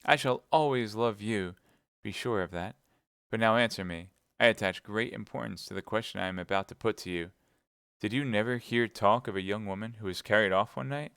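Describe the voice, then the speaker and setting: A gallant young swordsman, voiced by a male reader, earnest and reassuring. The sound is smooth and dry, close to the microphone. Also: on the low side, fairly quick, a bit bright, dry recording. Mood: eager.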